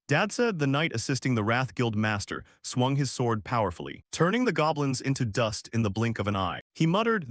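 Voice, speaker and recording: A man's voice: medium pitch, very animated, normal speed, hardly any pauses, dry recording, clean studio sound. A man narrating a comic story recap in a scripted, storytelling way.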